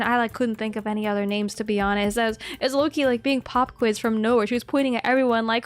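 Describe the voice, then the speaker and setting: A young woman chatting casually as a streamer, giggly and excitable, swearing freely. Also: fairly high pitch, fairly quick. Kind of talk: casual chat.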